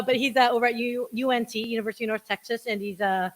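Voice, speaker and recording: A woman's voice: a little high, fairly even intonation, quick pace. Laughing, rambling woman co-host. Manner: laughing, self-deprecating, rambling with fillers. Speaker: podcast co-host and producer. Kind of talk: casual chat. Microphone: one shared microphone.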